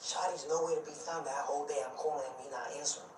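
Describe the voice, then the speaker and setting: A man telling a tense story of his own, acting out other people's words and dropping to a hush at moments. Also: a little high, fairly even intonation, quick pace, a loud crowd. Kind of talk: animated storytelling. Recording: roomy sound from a distance with faint noise.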